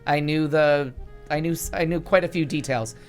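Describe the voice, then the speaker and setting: A man's voice: fairly high pitch, moderate pace, faint music behind. A man in his forties from upstate New York, telling a story in casual chat with sarcastic, wry humor. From Niagara Falls, New York.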